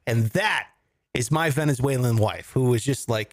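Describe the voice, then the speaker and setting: A man's voice: medium pitch, moderate pace. A man hosting a casual comedy podcast from home, joking and laughing through playful rants. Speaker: podcast host. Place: home studio.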